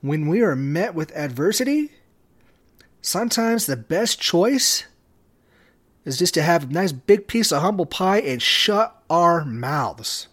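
A man giving a devotional talk, his voice sitting a little high. He takes his time, speaking slowly and pausing often between phrases. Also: expressive, a bit bright. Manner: slow, measured delivery with long pauses. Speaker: podcast host.

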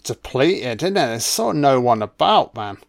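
A man's voice: medium pitch, sing-song, moderate pace, creaky. A man giving a casual, profane running commentary on a film, making admiring asides as he watches.

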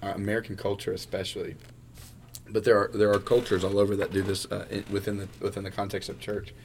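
Male pastor, lowish voice, earnest and halting, repeats words mid-thought, faint noise behind. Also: flat delivery, creaky, a little mellow. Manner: earnest, stumbles and repeats words while thinking aloud. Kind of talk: casual podcast conversation.

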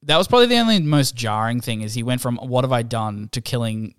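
A man in his thirties chats easily on a podcast, going over favourite scenes. His voice is smooth and clear. It is recorded close and dry, with no room sound. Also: mid-range voice, fast talker, no echo. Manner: relaxed and conversational, recapping scenes with laughs. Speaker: podcast co-host. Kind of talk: casual chat.

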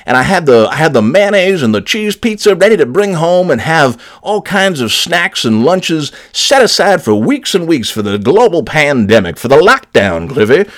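A man's voice: on the high side, sing-song, normal speed, few pauses. A man voicing an angry uncle who used to announce baseball, ranting and swearing in a comedy voicemail. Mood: furious. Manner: swearing, sputtering rant.

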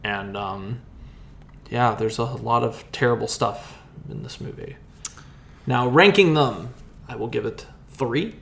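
A man's voice: mid-range voice, slow, vocal fry, pauses often, a bit bright. A man in a casual movie review chat, rambling and profane, often restarting his sentences.

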